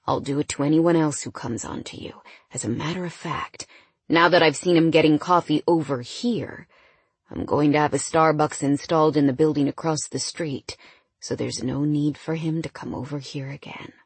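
Woman voicing a possessive, commanding wealthy man; low, hushed, breathy delivery. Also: no room sound. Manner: low, hushed and intimate, sometimes whispered.

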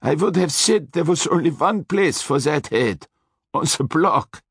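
A man's voice: a little high, expressive, a little slow, slightly rough, dry recording, studio quality, voice pushed up, heavily acted. A man voicing a grim, menacing male chauffeur with an Austrian accent in a storybook reading. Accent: put-on Austrian. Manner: menacing, shouting, grimly emphatic.

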